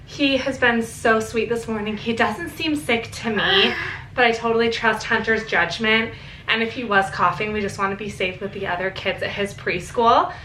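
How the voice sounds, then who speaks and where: A woman's voice: on the high side, sharp tone, roomy sound, slight background noise, poor audio. A young woman, a family vlogger, chatting casually at home and cooing to her kids, a little out of breath. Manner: cooing baby talk to her children. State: slightly out of breath.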